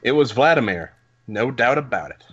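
A man's voice: medium pitch, lively intonation, normal speed, fairly bright tone, slightly rough, highs cut off. A man co-hosting a comedy podcast, reading a story aloud and laughing often.

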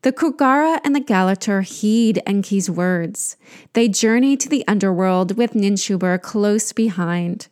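A woman narrating an ancient myth in a deliberate, scripted reading. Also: medium pitch, a little mellow. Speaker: storyteller.

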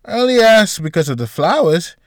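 A man voicing a chatty, gossipy hospital janitor, pitched up from his own voice. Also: big pitch swings, a little fast, no echo, studio quality.

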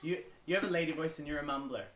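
A woman co-hosting a podcast in casual chat, loud and animated as she tells stories. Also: low-pitched, very fast, a little hiss or hum. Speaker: podcast co-host. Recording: roomy studio echo.

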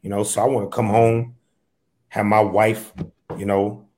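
A tired, aggrieved husband home from a long shift, as a man acts him out. He complains in a low, exasperated voice. It is an improvised comedy sketch. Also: flat delivery, unhurried, darkish tone, close to an everyday voice.

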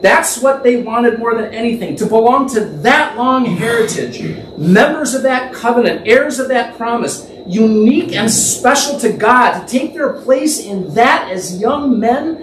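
A man's voice: very high-pitched, lively intonation, a little slow. A man teaching from the Bible in a conversational, thinking-aloud way, imagining the scene and correcting himself as he goes. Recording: echoey room, distant mic, faint background noise.

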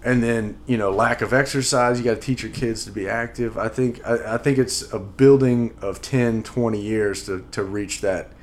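A man with a fairly low voice talks casually, telling a long anecdote. He restarts and repeats words as he goes, stumbling his way through the story. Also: fairly even intonation, moderate pace, few pauses, slight background noise. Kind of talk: casual podcast chat.

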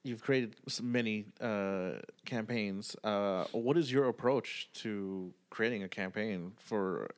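A man with a somewhat low voice hosting a casual interview. He offers brief reactions and asks questions with plenty of hesitant fillers. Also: slow pace, hardly any pauses.

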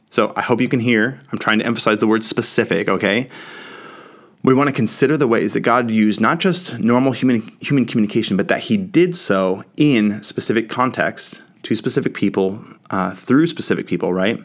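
Low-voiced man teaching casually. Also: a little fast. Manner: conversational, checks in often with "right?". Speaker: Bible teacher.

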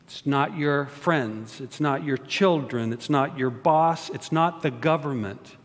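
Slow-speaking pastor in a reverberant hall. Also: male voice, fairly high pitch. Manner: joking, asks the congregation questions. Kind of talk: sermon with prayer. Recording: long reverb of a large hall.

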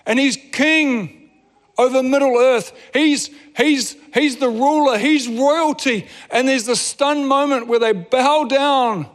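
High-voiced man preaching in a reverberant hall. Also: fairly bright tone. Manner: storytelling with restarts and dramatic pauses. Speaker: pastor. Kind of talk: sermon.

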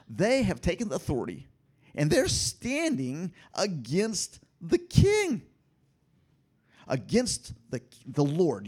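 A man preaching a sermon, swinging between loud emphatic lines and hushed asides. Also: sits high, slightly rough. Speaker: pastor.

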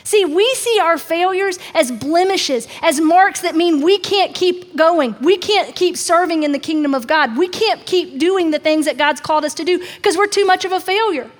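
A woman with a high, bright-pitched voice preaches a sermon in a casual, talking style. She acts out the quotes she tells, changing her voice for each speaker. Her words carry a long reverb from a large hall. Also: moderate pace, hardly any pauses.

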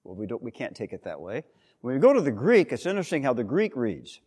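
A man preaching a sermon, explaining scripture with rhetorical questions and an expressive delivery. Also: medium pitch, quick pace, breathy edge, long reverb tail.

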